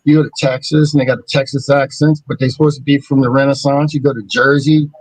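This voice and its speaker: A man's voice: mid-range voice, flat delivery, fast, dry recording, poor audio. A man co-hosting a casual chat, joking and slipping into mock accents. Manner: joking, drops into put-on accents.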